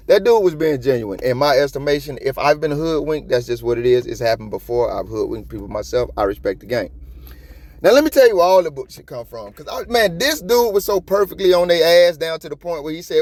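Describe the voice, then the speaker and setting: A man giving casual, profane commentary on a police video in streetwise slang, animated and talkative. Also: a little high, a little fast, no room sound. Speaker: copwatch commentator.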